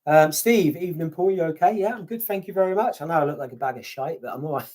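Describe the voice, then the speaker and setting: A man's voice: a little high, fast, a little mellow. A British man hosting a casual live stream from home, reading out viewer comments in a chatty, self-deprecating way with casual swearing. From United Kingdom. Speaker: YouTube grave-visiting channel host.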